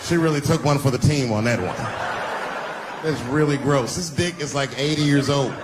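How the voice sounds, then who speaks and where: A middle-aged man with a mid-range voice and a moderate pace works a live stage with a handheld mic. His stand-up is brash and crude, punctuated by mocking asides, and the recording picks up the audience.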